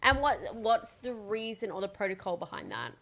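A woman's voice: mid-range voice, big pitch swings, moderate pace, creaky, a bit bright. A woman, co-hosting a casual chat, playful and keen to ask the audience. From Australia. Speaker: co-host.

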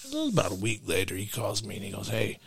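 A man's voice: lowish voice, wildly swooping pitch, racing, creaky, fairly bright tone, breathy edge, dry recording. A man hosting a podcast from a small studio, telling rowdy stories and swearing constantly. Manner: profane, rowdy storyteller. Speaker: podcast host. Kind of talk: crude casual banter.

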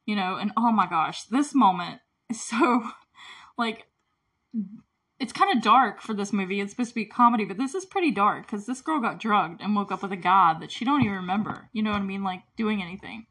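A woman's voice: mid-range voice, moderate pace, a bit bright. A woman casually recapping a movie, chatty and indignant, with lots of "like". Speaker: movie reviewer.

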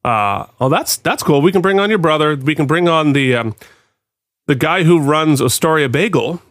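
A man co-hosting a casual podcast, with a Boston accent. His pitch leaps around as he jokes and laughs easily, and the sound is close and dry with no room echo. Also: normal speed. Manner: animated, jokey, laughs easily. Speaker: podcast co-host.

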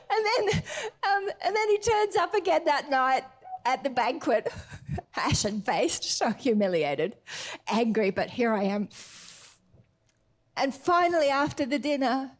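A woman delivering a sermon in an animated, expressive way. Her voice sits a bit high, and she shifts from lively storytelling to steady scripture reading. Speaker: preacher.

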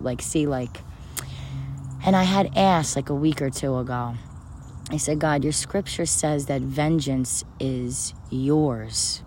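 Low-voiced woman giving spiritual advice. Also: darkish tone, a little hiss or hum. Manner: emphatic, personal and preachy. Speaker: spiritual speaker. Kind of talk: spiritual talk to camera.

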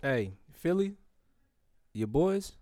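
A man's voice: a little high, sing-song, slow pace, crowd noise. A man co-hosting a sports podcast, ranting bluntly and with plenty of profanity. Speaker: podcast co-host. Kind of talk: casual sports chat.

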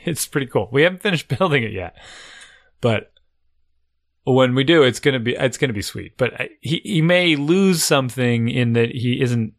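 A man's voice: medium pitch, animated, moderate pace. A man co-hosting a casual podcast, chatting and musing as he talks things through with fillers. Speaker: podcast co-host. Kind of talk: casual chat.

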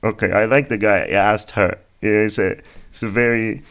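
A man's voice: fairly low pitch, steady tone, normal speed, creaky, fairly bright tone. A man hosting a podcast, reading a listener's story aloud and breaking in with crude jokes and frequent laughter. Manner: laughs often, crude and joking asides. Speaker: podcast host. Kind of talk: casual comedic story reading.

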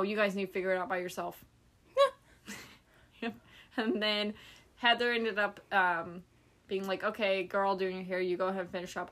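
A woman podcast host casually telling a story, acting out the people she quotes and swearing offhandedly. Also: medium pitch. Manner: animated, acts out quoted people.

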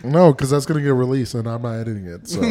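A comedian co-hosting a podcast in casual banter, firing off quick crude quips. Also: male voice, mid-range voice, background noise.

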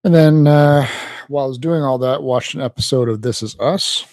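A man's voice: mid-range voice, moderate pace, darkish tone, dry recording. A man who is a parent, co-hosting a casual podcast and teasing his partner in playful banter. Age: 30s to 40s, a parent. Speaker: podcast co-host. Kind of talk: casual chat.

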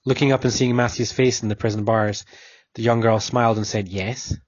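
A man reading a story aloud in a steady, even way. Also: medium pitch, brisk, no room sound, muffled recording. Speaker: narrator.

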